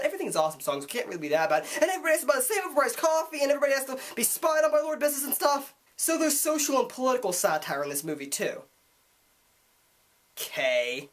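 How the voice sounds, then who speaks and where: A young man reviewing a movie, excitable and gushing, with jokey asides. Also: very high-pitched. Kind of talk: enthusiastic online movie review.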